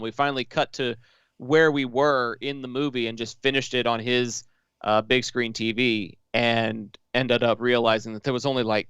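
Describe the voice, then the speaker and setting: A man co-hosting a casual podcast, telling stories with lively quoted asides. His voice is smooth and clear, recorded dry on a close mic. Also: mid-range voice, no room sound. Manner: storytelling, animated retelling with quoted asides. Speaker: podcast co-host. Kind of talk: casual chat.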